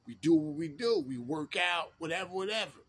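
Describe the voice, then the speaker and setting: A man's voice: high-pitched, very animated, moderate pace, vocal fry, fairly bright tone, husky. A man, casually telling a prison story in laid-back street slang and repeating himself.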